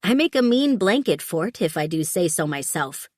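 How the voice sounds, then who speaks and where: A young woman, teasing and easily moved, who asks light, playful questions, as a woman narrator voices her. The voice sits low for a woman, with a dry, close sound. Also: very animated, moderate pace, dry recording. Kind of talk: audiobook character voice.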